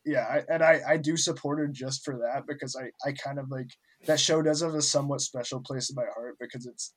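A man co-hosting a casual movie review chat, rambling and halting, laughing mid-sentence. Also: mid-range voice, fairly even intonation. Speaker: podcast co-host.

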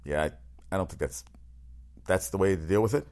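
A man with a very low, deep voice hosts a loose talk segment. He rambles in a blunt, opinionated way, often restarting his sentences and swearing freely. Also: brisk, a little mellow. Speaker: show host. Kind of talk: casual chat.

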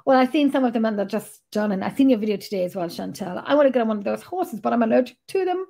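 A woman's voice: on the high side, animated, quick pace, vocal fry, mellow. A middle-aged woman hosting a podcast. She talks in a rambling, chatty way and swears freely. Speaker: podcast host. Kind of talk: casual chat.

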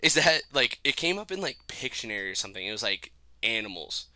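A man's voice: mid-range voice, very animated, fast, sharp tone, dry recording. A man co-hosting a podcast in a rambling, profane casual chat, often laughing. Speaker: podcast co-host.

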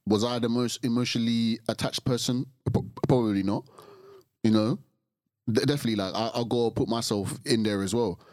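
Fast-talking man, dry close sound. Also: medium pitch, fairly even intonation, darkish tone, dry recording. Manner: fast, reflective, heavy use of "like". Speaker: podcast co-host. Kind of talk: casual chat.

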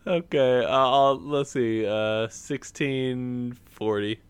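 A man's voice: mid-range voice, takes it slowly, smooth. A man co-hosting a podcast in casual banter, laid-back, reacting with short quips. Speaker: podcast co-host.

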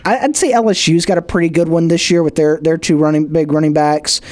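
Male co-host, slightly high voice, rambling analysis with fillers. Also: steady tone, darkish tone. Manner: rambling, halting, many fillers and restarts. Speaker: sports radio co-host. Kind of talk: casual sports radio talk.

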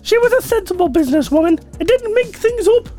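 A man doing a high sing-song Irish woman. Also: expressive, fairly quick, darkish tone, faint music behind. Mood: earnest. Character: sensible middle-aged Irish woman recounting a sighting. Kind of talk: reading a listener story aloud in a put-on female voice.

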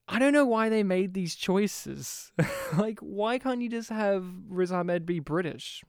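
Casual podcast co-host, male, high and clear, animated and sweary, dry close sound. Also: slow pace, dry recording. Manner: animated, sweary, mimics lines. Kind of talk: casual film review chat.

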